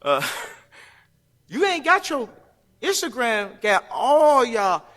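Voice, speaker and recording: A man being interviewed speaks in a very high, sing-song voice that is slow and a little bright. As a guest, he talks with impassioned, preachy emphasis, laughing as he rambles from one point to the next.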